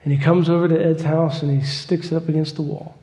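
A man with a higher-pitched voice speaks a little quickly as he preaches a sermon, telling a story with mounting fervor until he reaches loud excitement. The recording carries a long hall reverb.

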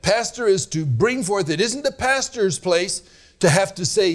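Earnest preacher man, slightly high voice. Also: animated. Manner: earnest, admonishing, drawn-out emphasis. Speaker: pastor. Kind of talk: sermon.

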